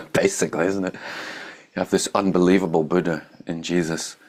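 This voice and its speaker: Low-voiced male meditation teacher, blunt, swears freely, casual Q&A delivery. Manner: blunt and irreverent, swears and laughs. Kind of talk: informal dharma talk, answering a student.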